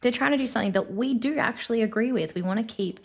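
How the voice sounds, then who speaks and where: Gently teasing woman. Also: fairly high pitch, quick pace, creaky, slightly rough. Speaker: podcast co-host. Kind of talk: casual chat.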